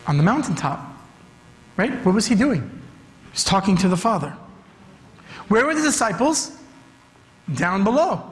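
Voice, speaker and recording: A man, a youth director, preaching an animated sermon in a church, acting out the voices he quotes. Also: very high voice. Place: church sanctuary. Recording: reverberant church hall.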